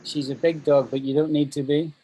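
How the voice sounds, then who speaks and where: A man's voice: fairly high pitch, level tone, fairly quick, warm tone, a little hiss or hum, poor audio. A man teaching an online English class, patiently drilling pronunciation over a video call.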